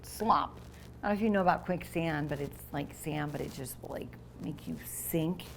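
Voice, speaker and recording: A woman teacher with a low, gravelly voice reads a picture book aloud to young children, pausing to explain words and animatedly voicing the sound effects. The recording carries a little hiss or hum.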